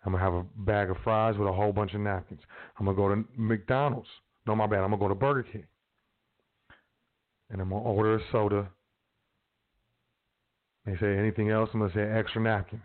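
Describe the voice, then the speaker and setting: A man's voice: fairly low pitch, fairly even intonation, fairly quick, long pauses. A man hosting a show, talking in a rambling, slangy, casual advice monologue. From South Side of Chicago. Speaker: host. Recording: phone-like narrow sound.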